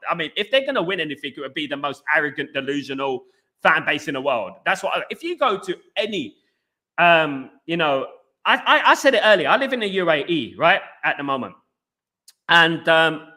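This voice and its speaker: A man from England hosting a casual live football fan stream. He gives animated shout-outs to viewers and rambles with frequent restarts. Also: on the high side, brisk. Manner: animated, greets viewers by name with "big up". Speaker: football fan channel host.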